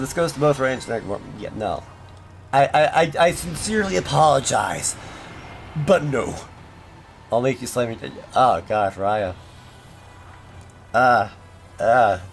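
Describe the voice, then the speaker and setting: A man's mid-range, slightly bright voice with vocal fry carries casual gaming-stream chat. He rambles and mocks himself as he plays, using many fillers and restarts, while game music plays faintly behind him.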